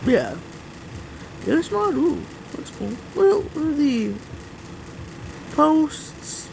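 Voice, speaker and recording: A woman talks her way through a reaction video, wandering from thought to thought and cursing freely. Her voice sits fairly high and swings widely up and down. A gravelly fry runs through it, and she takes her time over each phrase. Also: big pitch swings, drawn-out words, noisy background. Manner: rambling, swears, talks to herself while browsing. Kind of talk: casual reaction commentary.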